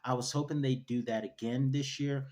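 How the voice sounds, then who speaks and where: Man, wrestling reviewer, casual solo talk, wry, opinionated, middle pitch. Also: steady tone, moderate pace, darkish tone.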